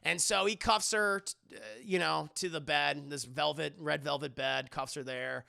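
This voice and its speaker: A man's voice: a little high, fairly even intonation, normal speed, gravelly, sharp tone. A young man recapping a movie in a casual, rambling way, with many fillers and restarts. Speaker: movie reviewer streaming live. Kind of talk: casual recap with acted quotes.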